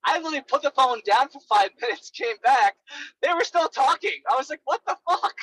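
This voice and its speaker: High, bright-voiced man coaching bluntly. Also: fairly quick, dry recording, poor audio. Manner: animated, blunt, many fillers like "right" and "like". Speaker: sales coach. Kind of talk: casual coaching monologue.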